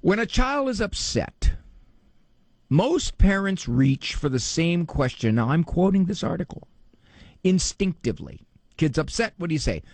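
A man's voice: sits high, sing-song, a little slow, no echo. A man hosting a call-in radio show as a psychologist, joking and self-deprecating as he rambles along. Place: radio studio.

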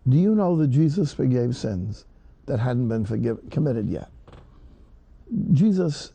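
A man's voice: medium pitch, gravelly, dark tone, breathy edge, dry recording. A man preaching a sermon in an earnest, emphatic way that swells to stress key words.

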